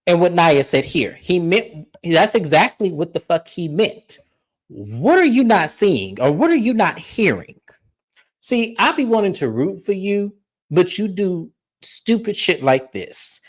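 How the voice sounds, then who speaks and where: Low-voiced animated woman, blunt and profane. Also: unhurried. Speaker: podcast co-host. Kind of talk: casual reality TV recap. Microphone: streaming setup mic.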